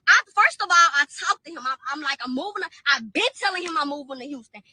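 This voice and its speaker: A woman vents hard in a social media clip, upset and circling back over her words. Her voice is very high and bright. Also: expressive, quick pace, no room sound. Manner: upset, repeats herself, rants. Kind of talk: emotional venting to camera.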